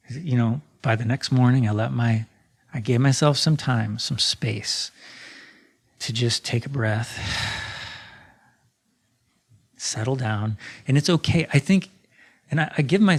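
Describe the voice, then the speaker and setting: A man hosting a podcast about guitar making, telling a story from his workshop in a casual, rambling way with plenty of fillers. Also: mid-range voice. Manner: relaxed and rambling, with many fillers and restarts. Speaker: podcast host and guitar maker.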